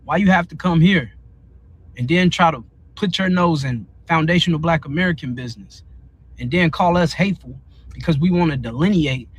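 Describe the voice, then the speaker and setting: Husky man, indignant rhetorical rant. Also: fairly high pitch, normal speed. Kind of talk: social media video rant.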